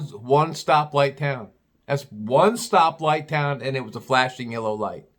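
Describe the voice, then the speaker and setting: Rambling, profane male storyteller from Ohio. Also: medium pitch. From Cincinnati, Ohio. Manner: rambling, profane, repeats himself. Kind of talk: casual spoken storytelling.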